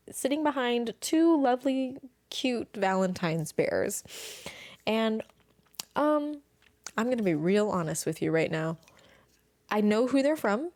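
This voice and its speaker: This is a young woman chatting on her own podcast, bubbly and gushing as she tells stories. Her voice sits in a middle pitch. The sound is close and dry, with no room around it. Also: darkish tone, no echo. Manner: bubbly, gushing, exclaims often. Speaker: podcast host. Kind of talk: casual solo podcast storytelling.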